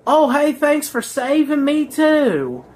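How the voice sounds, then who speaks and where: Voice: high voice, big pitch swings, takes it slowly, a little mellow, pitched above the performer's own voice, exaggerated voice. A reviewer voicing a fickle, crybaby male magician who gushes sappily in a raised voice. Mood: gushing.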